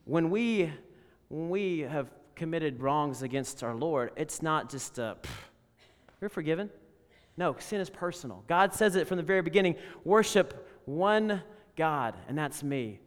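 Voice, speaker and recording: A man pastor delivering an animated, emphatic sermon full of rhetorical questions. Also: on the high side, unhurried, in a large hall.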